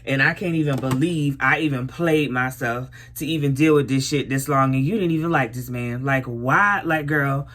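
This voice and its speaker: A woman's voice: very deep voice, normal speed, few pauses, fairly bright tone. A young woman doing her makeup while telling a storytime in casual, blunt, profane chat. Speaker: vlogger.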